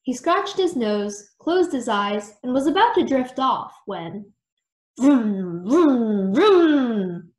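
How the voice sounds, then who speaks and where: A woman reading a children's storybook aloud in an expressive storytelling manner. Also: high voice, a little slow, few pauses. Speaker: storytime reader. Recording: echoey room.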